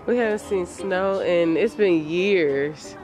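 A woman's voice: lowish voice, slow pace, music in the background. A woman from Houston with a Texan Southern accent, chatting playfully to the camera in a casual family vlog. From Houston, Texas. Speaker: family vlogger.

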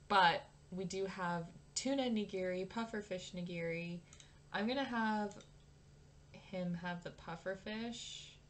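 A woman's voice: mid-range voice, a little hiss or hum. A young woman from Canada giving casual gameplay commentary, swearing freely and ranting at the game. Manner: swears a lot, rants at the game in exasperation. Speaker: gaming YouTuber.

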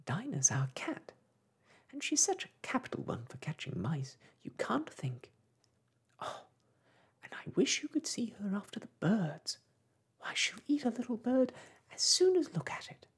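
A polite young girl who pleads and apologises in whispered role-play, voiced by a man. The whisper is husky and lifts well above his usual tone. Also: a little high, wildly swooping pitch, unhurried, darkish tone, voice pushed up, full character voice. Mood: pleading. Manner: humble and pleading.

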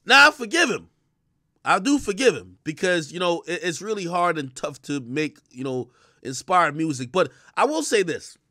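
A man ranting loudly on a live stream, mocking and profane, breaking into shouts and laughter. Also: sits high, sing-song, normal speed, no room sound, studio quality. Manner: laughs between jabs. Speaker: streamer host. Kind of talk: live-stream commentary rant.

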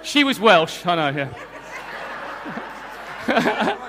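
A man preaching a sermon to a congregation, energetic and emphatic, joking with the crowd between points. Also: high voice, drawn-out words, slight background noise. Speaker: guest preacher. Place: church hall. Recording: long church hall reverb.

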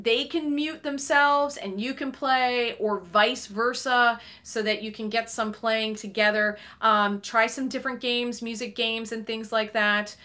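A woman clarinet teacher gives relaxed advice in a live online Q&A. Her voice sits a little high and sounds bright and forceful. She talks in a chatty way and fills her pauses with plenty of ums. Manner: chatty, many um fillers.

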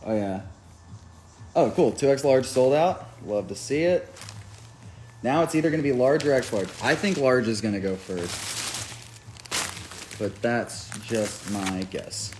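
A man's voice: mid-range voice, lively intonation, measured pace, long pauses, darkish tone, a little hiss or hum. Rambling casual man on a phone live stream. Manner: rambling, filler-heavy, reads out viewer names. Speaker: musician streaming a merch live.

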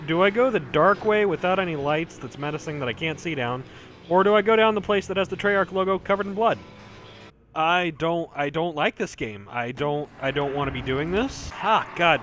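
This man's voice is a little high with a fairly bright tone as he streams horror gameplay. Tipsy and panting, he's jumpy, yelping and cursing at each scare and adding jokey remarks between them.

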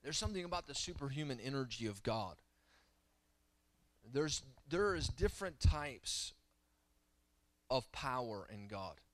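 A man in his thirties preaching a humorous, animated sermon that swings between loud and soft. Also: medium pitch, measured pace, pauses often, no echo. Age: 30s.

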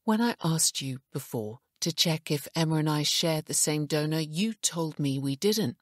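A woman's voice: sits low, animated, moderate pace, no echo, clean studio sound. A woman voicing a determined, angry man who speaks stiffly and insists on answers. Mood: insistent. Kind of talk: audiobook character voice.

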